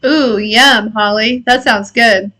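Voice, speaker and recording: A chatty woman in her thirties hosting a relaxed live-stream reading. Her voice is high and very bright. She laughs often, swears casually and answers viewers' comments as they come in. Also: slow. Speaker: intuitive reader and live stream host.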